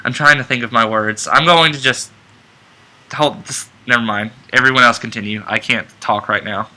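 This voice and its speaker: A man co-hosting a fan chat in a very bright, edgy voice. He rambles with enthusiasm and keeps restarting his sentences as he hunts for words. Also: mid-range voice, moderate pace, rough recording. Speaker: co-host.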